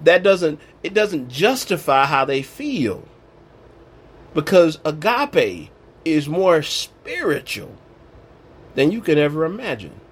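Male preacher, slightly high, husky, emphatic and casual. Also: very animated, slow pace. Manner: emphatic, colloquial preaching with acted-out quotes. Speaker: Bible teacher. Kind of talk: informal sermon.

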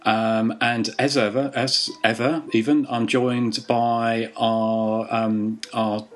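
A man hosting a podcast in casual chat, hesitant with many pauses and restarts. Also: medium pitch, level tone. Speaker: podcast host.

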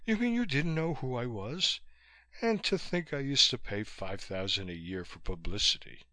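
A man's voice: medium pitch, lively intonation, normal speed, bright, forceful tone, no room sound. A man voicing a chatty, gushing former musical-comedy actress who calls everyone dear.

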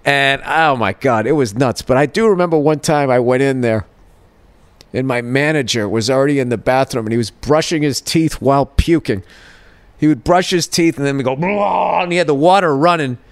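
A man's voice: mid-range voice, a little fast, dry recording. A man, a podcast host telling profane, rambling stories and laughing at his own jokes. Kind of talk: casual rambling monologue.

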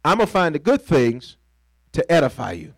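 Swinging hugely in pitch from a fairly high baseline, this pastor preaches at a moderate pace with a playful, conversational touch. He invites listeners to complete his sentences and dramatizes small scenes. The audio is dry and poor.

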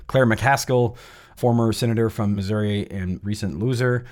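A man co-hosting a political podcast, reading out quotes in a brisk, sardonic way. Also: lowish voice. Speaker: podcast co-host. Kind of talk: political commentary chat.

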